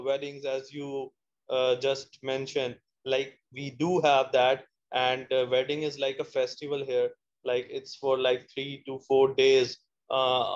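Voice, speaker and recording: A man's voice: mid-range voice, muffled recording. A man, a wedding planner speaking hesitantly with many fillers on a video call. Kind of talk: online panel remarks.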